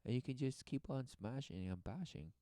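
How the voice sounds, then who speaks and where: A man giving sarcastic commentary over video footage, mocking the people he sees with quick scornful voices. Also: medium pitch, lively intonation, mellow, no room sound, studio quality. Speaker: religious commentator.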